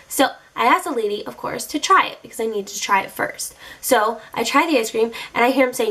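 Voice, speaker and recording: A woman's voice: on the high side, a little fast, hardly any pauses. Sassy woman telling dating stories. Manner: animated, exasperated, sassy. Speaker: vlogger. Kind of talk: casual storytelling to camera.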